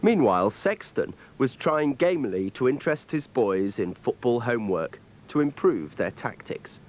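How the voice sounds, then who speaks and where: A man giving measured, wry scripted narration for a documentary. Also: medium pitch, sing-song, poor audio.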